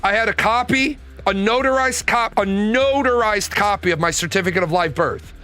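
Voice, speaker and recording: A man's voice: high-pitched, moderate pace, bright, forceful tone, soft background music. A young man telling a personal story as a rant, swearing and exasperated. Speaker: host.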